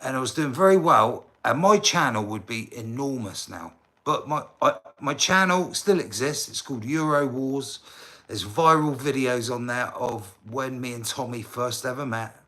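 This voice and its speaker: A man's voice: medium pitch, moderate pace, sharp tone. An English man on a casual livestream, rambling and talking straight to his chat viewers, now and then flaring up in indignant bursts.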